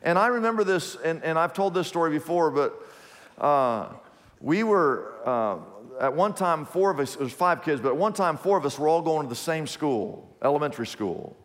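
Man from kansas preaching, animated storyteller, repeats himself, high voice. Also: normal speed, long reverb tail. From Kansas, USA. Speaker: pastor. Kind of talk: sermon.

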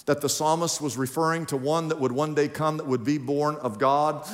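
A man's voice: fairly high pitch, fairly even intonation, moderate pace, long reverb tail. A man preaching a sermon in a church, emphatic and questioning the congregation directly. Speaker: pastor. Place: church sanctuary.

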